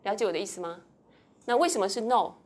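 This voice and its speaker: A woman's voice: mid-range voice, lively intonation, fast talker, darkish tone. A woman lecturing a university class, switching between Mandarin with a Taiwanese accent and English, quizzing students as she explains. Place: lecture hall.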